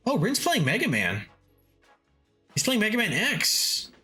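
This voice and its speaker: A laid-back male streamer chats from his home setup, his voice rising and falling a lot as he talks. He swears freely and chuckles often while reading chat aloud. Faint lofi music plays softly behind him. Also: high voice, wildly swooping pitch, unhurried. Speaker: game streamer. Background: faint lofi background music.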